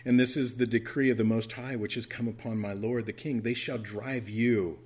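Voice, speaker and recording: A man's voice: medium pitch, fairly even intonation, moderate pace, a little mellow, husky. A man preaching an earnest, tender sermon in a church as the pastor.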